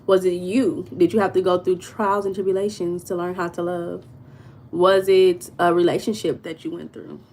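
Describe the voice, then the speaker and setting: A woman's voice: fairly low pitch, little pitch movement, moderate pace, darkish tone, a little hiss or hum. An American woman hosting a casual live stream, greeting viewers by name and answering their comments. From United States. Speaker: livestream host reading viewer comments.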